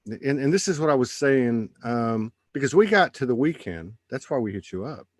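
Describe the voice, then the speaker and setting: A man hosting a casual spiritual podcast, telling stories in an animated way. He often acts out his own lines and other people's. His voice sits at a middle pitch and sounds close and dry. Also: moderate pace, no echo. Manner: animated storytelling, quoting himself and others. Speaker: podcast host.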